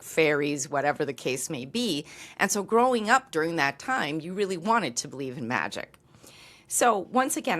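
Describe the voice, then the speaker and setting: A woman in her fifties speaks to her viewers in an earnest, reflective vlog. Her voice sits low, yet her pitch moves a lot as she talks. She laughs softly now and then. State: briefly tearful. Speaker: lifestyle vlogger. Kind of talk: heartfelt talk to camera.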